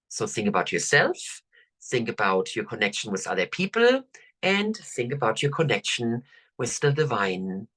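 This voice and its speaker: An older woman coach, leading listeners through affirmations in a slow, soothing, drawn-out way. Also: extremely low pitch, very animated, fairly bright tone. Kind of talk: guided affirmation talk.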